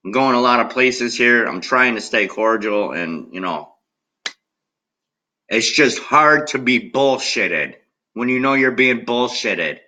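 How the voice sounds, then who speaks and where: A man's voice: medium pitch, animated, slow, pushed and bright, low-quality recording. A man ranting angrily to camera as a political video blogger, swearing constantly and addressing viewers directly. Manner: agitated, heavily profane, talks straight at viewers. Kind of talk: angry rant to camera.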